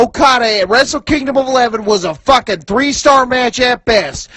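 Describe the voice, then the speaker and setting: A man impersonating a foul-mouthed, irate wrestling promoter in a rapid-fire comedy rant full of profanity. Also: extremely high pitch, a bit bright, dry recording, heavily acted. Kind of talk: recorded comedy bumper rant.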